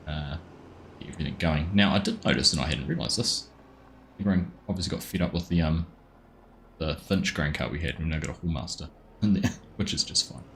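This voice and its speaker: A man's voice: very deep voice, brisk, creaky, a little hiss or hum. A middle-aged Australian man casually chatting on a live game stream, greeting viewers by name from his desk at home. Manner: friendly, greets chat by name, relaxed.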